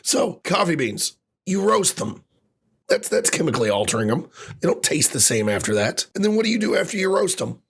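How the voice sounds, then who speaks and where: A man co-hosting a casual podcast, ranting with lots of swearing, his voice a little rough from recovering after losing it. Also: on the high side, fairly quick. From Ireland. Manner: animated ranting with frequent swearing. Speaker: podcast co-host.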